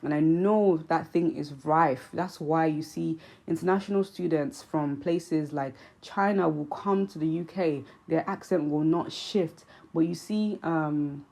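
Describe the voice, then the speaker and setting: A young woman from Nigeria with a Nigerian accent shaded by British speech, hosting her own vlog. She speaks earnestly and reflectively, pausing with frequent ums. Her voice sits low and mellow. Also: creaky, rough recording. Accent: Nigerian with British influence. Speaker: vlog host. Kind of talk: casual commentary to camera.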